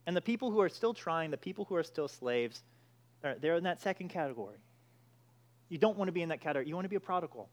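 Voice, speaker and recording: A man's voice: on the high side, animated, fast talker. Emphatic man preaching a sermon. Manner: emphatic, with frequent restarts and "all right".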